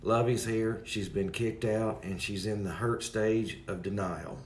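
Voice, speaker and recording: A man chats loosely with his livestream audience, wandering from point to point and greeting people by name. His voice sits a little low. The sound is roomy and echoey. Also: steady tone, measured pace, a little mellow, a little hiss or hum. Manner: rambling, addresses chat by name. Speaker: livestream host. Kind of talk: casual chat with viewers.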